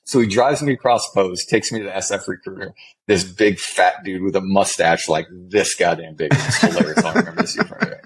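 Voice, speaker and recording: A middle-aged man telling stories as a podcast guest, animated and profane, acting out the dialogue. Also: sits low, fairly quick, husky, low-quality recording. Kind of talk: casual storytelling in conversation.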